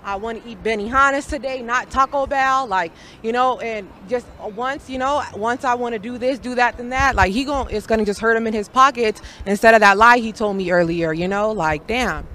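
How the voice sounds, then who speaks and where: Loud slangy woman bragging on the street, bright sharp voice. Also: a little high, moderate pace, hardly any pauses, slight background noise. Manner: brash, boastful, slangy. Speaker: street interviewee. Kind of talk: casual street chat.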